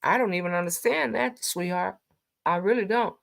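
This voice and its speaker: A woman hosting a relaxed livestream chat, reacting to viewer comments as she goes. She talks in a sassy, emphatic, down-to-earth way and draws out her exclamations. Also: medium pitch, creaky. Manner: colloquial, drawn-out exclamations.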